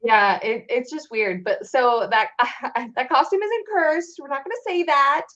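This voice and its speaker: A woman's voice: high-pitched, measured pace, muffled recording. A woman in a casual chat, telling a story with lots of laughter and filler words. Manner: animated, laughing, many "like" fillers. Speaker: guest cosplayer.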